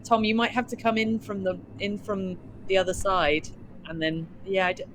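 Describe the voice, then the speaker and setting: A woman's voice: mid-range voice, moderate pace, a bit bright, a little hiss or hum, rough recording. A woman directing a theatre rehearsal over a video call, thinking aloud and checking with tag questions. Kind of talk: rehearsal planning talk.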